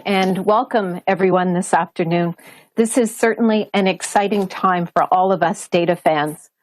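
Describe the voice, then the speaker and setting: A woman with a Canadian accent reading a prepared statement as a government official at a press briefing, in a formal, measured way. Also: mid-range voice, darkish tone, no room sound, rough recording. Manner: formal, measured delivery, switching between English and French.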